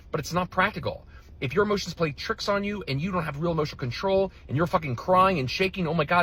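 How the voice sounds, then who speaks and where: A man's voice: fairly high pitch, fairly bright tone, slightly rough. A male relationship coach reacting to another video in a blunt, heated, profane rant. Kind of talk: reaction commentary.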